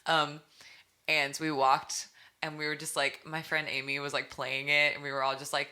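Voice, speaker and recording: A young woman speaks in a low yet bright, forward voice. She tells her stories in casual interview chat, bubbly and animated, full of fillers. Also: moderate pace, smooth. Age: young adult. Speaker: musician guest.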